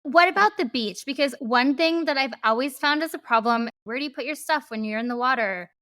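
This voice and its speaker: A woman host with a fairly high voice presents facts and questions clearly. Her delivery is informative. The recording is dry and close. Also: fairly quick, bright, forceful tone, no room sound. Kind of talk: narration and interviewing.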